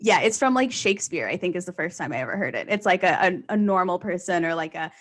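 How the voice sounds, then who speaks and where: A woman's voice: fairly low pitch, expressive, fast. A woman stand-up comedian in casual conversation, chatty and rambling, laughing often.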